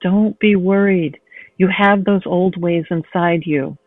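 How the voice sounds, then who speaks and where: A courtly male fencing instructor, smooth and gently insistent as he guides a nervous beginner, voiced by a woman reading her novel. The sound is thin and phone-like, with no room echo. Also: high-pitched, fairly even intonation, slow, full character voice. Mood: coaxing. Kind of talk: read-aloud novel excerpt. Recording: tinny phone-line sound, dry.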